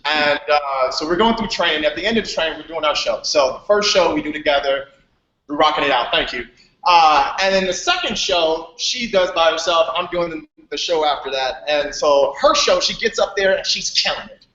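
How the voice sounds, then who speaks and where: A young man, a Playfair presenter, telling stories in a casual chat on a group video call, animated and laughing. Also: on the high side, normal speed. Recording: echoey, dull video call audio.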